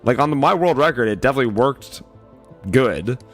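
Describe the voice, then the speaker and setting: A man with a groggy, raspy morning voice talks loosely to his stream chat, padding his sentences with fillers as he greets people by name. His pitch sits in an ordinary middle range, and faint music plays quietly underneath. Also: animated, brisk. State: just woke up, yawning. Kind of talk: casual livestream chat.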